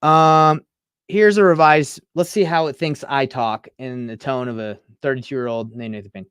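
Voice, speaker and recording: A man's voice: mid-range voice, steady tone, moderate pace, a bit bright, clear, resonant tone, no room sound, studio quality. A man in his thirties from Utah, teaching on a live stream in a casual, chatty way and reading out text messages. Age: 30s. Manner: casual, chatty, reads texts aloud and reacts. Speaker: real estate coach. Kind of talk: live-streamed screen-share tutorial.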